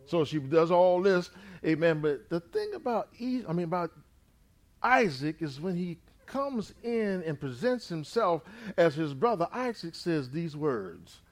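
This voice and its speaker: Fairly high-voiced preacher retelling scripture. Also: male voice, sing-song, measured pace. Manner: storytelling retelling of scripture, repeated "amen"; swings between loud and quiet. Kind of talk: sermon.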